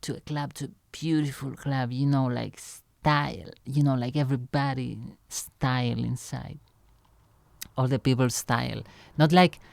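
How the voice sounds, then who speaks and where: Young male vlogger, rambly and profane, smooth clear tone, close and dry. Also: medium pitch, steady tone, unhurried, dry recording. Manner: loose and chatty, heavy on "like" fillers and swearing. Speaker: music creator reacting to his own song. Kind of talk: casual rambling storytelling.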